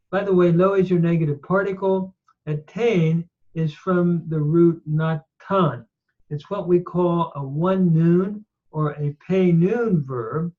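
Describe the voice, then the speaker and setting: A man teaches Bible Hebrew in a slow, careful lecture, his voice sitting a little high for a man. He lays out each word and its grammar one piece at a time. The recording sounds dull and lo-fi. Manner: reads Hebrew words slowly and spells out each grammatical form.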